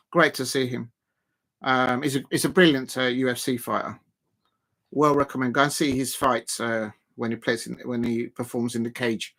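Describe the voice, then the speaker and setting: A man hosting a casual live stream, talking in an excitable, rambling way and often laughing. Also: medium pitch. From South London, Colombian roots. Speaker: live stream watch-along host.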